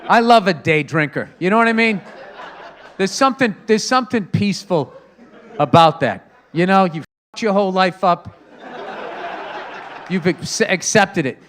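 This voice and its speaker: A man hosting a podcast with a comedic monologue. He rants profanely and swings between loud outbursts and low muttering. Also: moderate pace. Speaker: podcast host.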